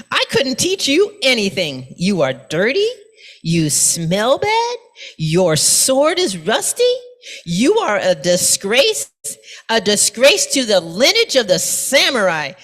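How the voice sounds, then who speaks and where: A woman's voice: fairly high pitch, a bit bright, full character voice. A woman putting on a small stern male monk. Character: small elderly male monk, scornful then gentle.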